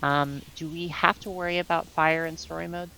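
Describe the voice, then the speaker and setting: A woman explaining game tactics over voice chat as raid leader, calm and instructive, with many ums, on a headset. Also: low-pitched, normal speed, gravelly, slight background noise, poor audio.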